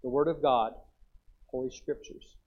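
A man's voice: medium pitch, fairly even intonation, measured pace, a little mellow, breathy edge, highs cut off. A man preaching a sermon in a folksy, storytelling way, with plain asides and Bible quotes. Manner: folksy, acts out chewing sounds.

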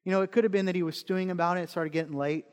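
A man preaching a sermon as pastor, swinging between emphatic, repeated points and quiet conversational asides. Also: high-pitched, fairly even intonation, very fast, clean tone. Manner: repeats key phrases for stress. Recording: long reverb in a large hall.

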